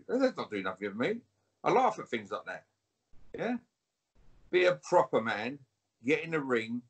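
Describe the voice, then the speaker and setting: British man, husky, combative interview guest on a video call, taunting. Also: medium pitch, a bit bright. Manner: taunting, repetitive, calls listener mate. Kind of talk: combative interview trash talk.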